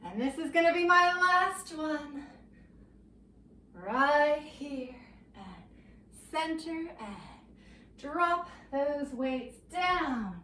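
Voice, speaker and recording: A woman leading a low-impact workout, giving gentle, encouraging cues and getting winded from the exercise. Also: lively intonation, very slow, pauses often, roomy sound, distant mic, slight background noise, rough recording. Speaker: fitness instructor. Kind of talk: guided workout instruction.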